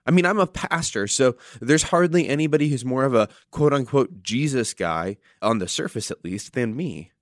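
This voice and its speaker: A man's voice: medium pitch, animated, normal speed, hardly any pauses, dry recording, clean studio sound. A male pastor giving an earnest sermon, telling a story and reading scripture with dramatic emphasis.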